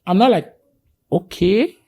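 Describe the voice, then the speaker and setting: A man's voice: a little slow, warm tone, slightly rough, no room sound. A man, a podcast guest telling stories in conversation and acting out the voices of the people in them. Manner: acts out quoted dialogue with sudden high jumps in pitch. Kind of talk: animated storytelling in conversation.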